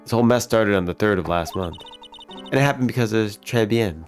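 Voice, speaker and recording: A man's voice: lowish voice, close to an everyday voice. Man reading as a cheerful unlucky young waitress. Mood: earnest. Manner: reading game dialogue aloud in a plain voice. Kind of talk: let's play dialogue reading.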